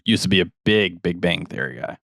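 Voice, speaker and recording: A man co-hosting a casual sports podcast, chiming in with short deadpan remarks. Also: deep voice, brisk, vocal fry, no room sound, studio quality. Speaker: podcast co-host.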